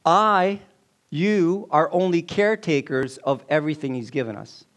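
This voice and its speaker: A man's voice: fairly high pitch, normal speed, a bit bright. A man preaching a sermon to his congregation, emphatic and repeating key lines for weight. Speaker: pastor.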